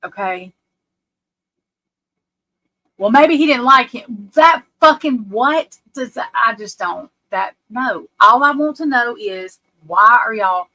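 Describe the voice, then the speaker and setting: A woman's voice: fairly high pitch, expressive, slow pace, pushed and bright, poor audio. A woman hosting a livestream, ranting bluntly and with profanity about a court case. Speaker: livestream host. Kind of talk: casual livestream commentary.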